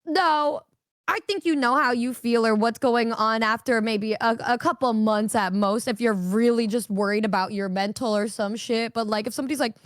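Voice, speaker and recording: High-pitched girl streamer rambling and swearing, super dry close sound. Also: no echo. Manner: rambling, swears a lot, fast filler-heavy talk. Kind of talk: casual chat.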